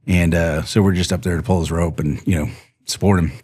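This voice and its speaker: A man's voice: sits low, brisk, husky, no room sound. A man telling stories as a podcast guest, rambling with fillers and restarts, often laughing and acting out what others said. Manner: animated storyteller who acts out other people's lines and laughs often. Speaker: podcast guest, rodeo bullfighter and horseman. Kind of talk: casual storytelling interview.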